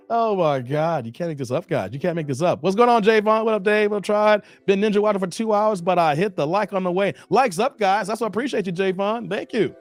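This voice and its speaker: A man's voice: sits high, brisk, soft background music. Chatty male livestream commentary host. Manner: chatty, reads chat aloud, repeats phrases. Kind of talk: livestream commentary reacting to clips.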